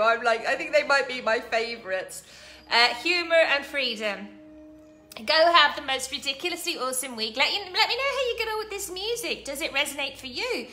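A woman's voice: high-pitched, bright, forceful tone. A woman hosting a weekly live coaching stream, chatting in a bubbly, gushing way, full of fillers and asides. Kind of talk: casual live-stream chat. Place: at home.

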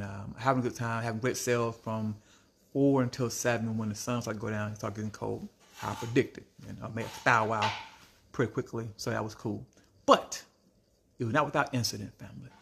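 Man, casual vlog storytelling, blunt and lively, mid pitch, faint noise behind. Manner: animated, blunt, addresses listeners as family. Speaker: small business owner vlogging.

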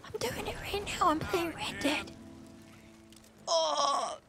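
A man doing a squeaky whining baby. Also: expressive, slow, creaky, over music, heavily acted. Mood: babyish. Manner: high squeaky baby talk, half whispered. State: strained throat. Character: whiny little baby, innocent and helpless. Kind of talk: gaming livestream commentary.

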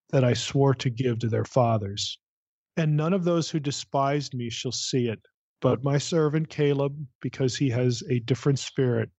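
A man's voice: medium pitch, darkish tone, no room sound, highs cut off. A man hosting a podcast, teaching through a Bible passage in a conversational way with frequent fillers and scripture read aloud. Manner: conversational, many "you know" fillers, reads scripture aloud.

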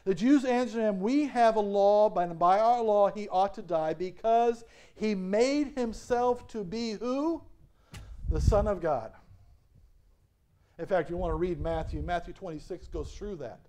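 Man, pastor, high-pitched, lively questioning sermon delivery with frequent laughs. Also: a little slow. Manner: asks the congregation questions and lets them answer. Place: church sanctuary.

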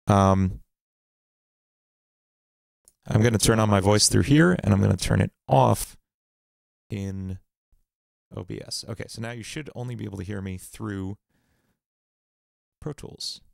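A man hosting a casual music production livestream from a home studio, thinking aloud in a relaxed, rambling way. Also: lowish voice, unhurried, vocal fry, pauses often, no room sound.

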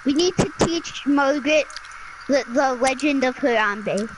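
A high-pitched woman chatting through a game in an unhurried way. She is excitable and melodramatic and bursts into shouts now and then. Faint noise sits under her voice. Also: poor audio. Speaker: gaming streamer. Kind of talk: casual gameplay chat.

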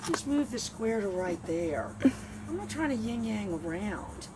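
A woman's voice: mid-range voice, big pitch swings, unhurried. A woman training her dog and talking casually, chatty and playful, with sing-song repeats. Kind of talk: casual training demo talk. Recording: noisy outdoor recording.

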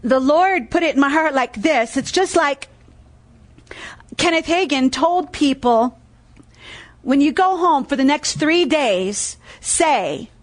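A woman preaching a sermon in a high, bright-sounding voice. She drives her points home by repeating key phrases. She stops to quiz her listeners before going on with the reading. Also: animated, takes it slowly. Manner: tells stories and reads scripture aloud.

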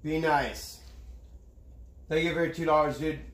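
A man's voice: on the high side, fairly even intonation, unhurried, a bit bright. A young man hosting a live stream in a playful, teasing way, often repeating himself. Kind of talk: casual chat. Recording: roomy echo.

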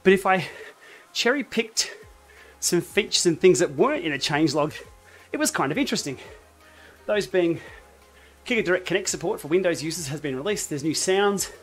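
Aussie bloke chatting on his training-ride stream, kinda high voice, music faint in the back. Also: lively intonation, moderate pace, pauses often, husky. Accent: Australian. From Australia. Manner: chatty, rambling, wry asides. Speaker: cycling YouTuber host. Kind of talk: casual livestream chat while riding.

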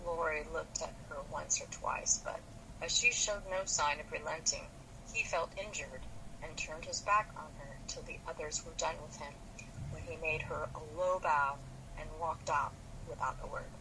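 A woman co-hosting a book podcast, reading a passage aloud and breaking off to comment wryly. Her voice sits low for a woman, and a clear hiss of background noise runs under the recording. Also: normal speed. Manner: wry, opinionated commentary. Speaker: podcast co-host. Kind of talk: casual chat and reading aloud from a novel.

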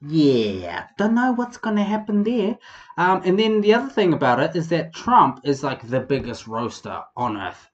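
A young man from New Zealand with a New Zealand accent, hosting a casual comedic vlog in a rambling, profane, animated way. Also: a little high, normal speed, dull audio. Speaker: vlog host.

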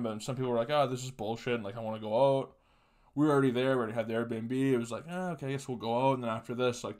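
A man in his twenties hosting a podcast, telling casual profane stories on his own and laughing through them. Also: medium pitch. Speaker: podcast host. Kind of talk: casual solo storytelling.

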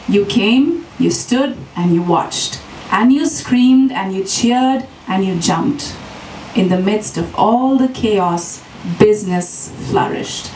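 A woman author reads her novel in a measured way and grows hesitant when she speaks off the page. Her voice sits at a middle pitch. She is captured from a distance in a reverberant bookstore with faint ambient hum. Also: a little mellow. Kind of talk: reading aloud from her novel, then explaining. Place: bookstore event. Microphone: distant mic. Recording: echoey room from far off.

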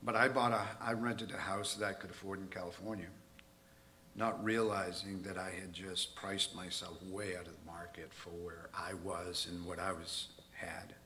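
A man preaching in a church, his low voice carrying a bright, forceful edge. He tells a personal story candidly, poking fun at himself as he goes. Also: fairly even intonation, normal speed, a little hiss or hum. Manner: candid, self-mocking storytelling.

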